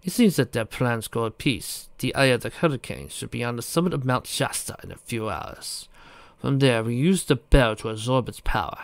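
A man voicing a smug, power-hungry prince, speaking soft and measured, a little below his own pitch. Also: no room sound, close to an everyday voice.

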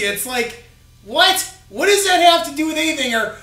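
A man's voice: extremely high pitch, expressive, normal speed, pushed and bright, echoey room, distant mic, faint music behind. A man co-hosting a casual chat, blunt and dismissive, swearing freely. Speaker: podcast co-host, group admin.

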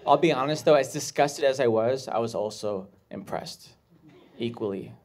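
A man doing stand-up on a comedy club stage, awkward with deadpan asides. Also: medium pitch, moderate pace. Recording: live club audience noise.

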